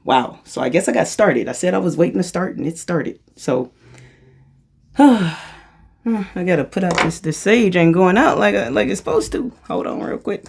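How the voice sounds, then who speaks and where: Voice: lively intonation, normal speed, vocal fry, slightly rough. Spiritual channeler for a loose freestyle talk: rambling, self-correcting, joking at their own expense, mid-range voice. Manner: playful and self-mocking, jumps into high-pitched voices for quotes; rambling, restarts and corrects itself.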